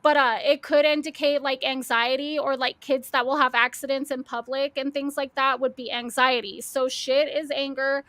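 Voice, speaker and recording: High bright lady streamer rambling, cussing a lot, dry close mic. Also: flat delivery, normal speed, few pauses, no room sound. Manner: rambling, profane, full of fillers. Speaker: streamer host. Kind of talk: casual chat. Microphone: desk mic.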